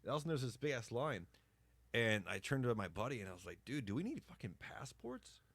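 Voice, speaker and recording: A man's voice: medium pitch, fast talker, dry recording. Profane, laughing man telling stories. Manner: profane, animated storyteller who laughs often. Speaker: podcast host. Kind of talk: casual storytelling chat.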